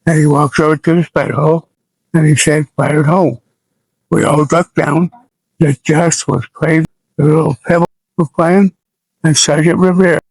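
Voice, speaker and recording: An American man in his seventies, an army veteran recalling his service in a plainspoken, halting and somber way for an interview. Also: a little high, vocal fry, darkish tone, no room sound, poor audio. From United States. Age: 70s. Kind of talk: oral history recollection.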